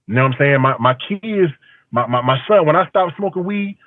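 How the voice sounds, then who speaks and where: Calling in on a dry, tinny phone connection, a barber with a fairly high, expressive voice speaks briskly with no echo. His emphatic stories replay dialogue from his own conversations as testimony.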